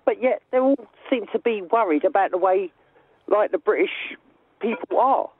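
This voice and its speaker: A man's voice: high-pitched, lively intonation, moderate pace, slightly rough, no echo. Man calling in over a phone line. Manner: earnest, repetitive complaining. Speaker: radio caller. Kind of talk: phone-in call.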